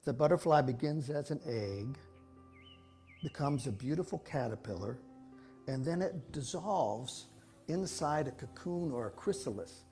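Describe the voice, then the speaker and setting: A man's voice: medium pitch, expressive, a little slow, mellow, soft background music. A man giving an informal, folksy sermon at a church, talking in a rambling way with frequent restarts. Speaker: speaker giving a talk at a church.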